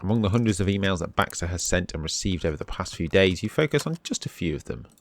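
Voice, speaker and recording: A man's voice: deep voice, quick pace. A man hosting a let's play, reading the game's text aloud and adding dry asides. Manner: dry asides, reads on-screen text in a steady voice.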